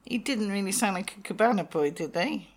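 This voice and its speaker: A woman's voice: mid-range voice, expressive, fairly quick. A woman co-hosting a podcast in casual chat, playful and teasing, laughing often. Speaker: podcast co-host.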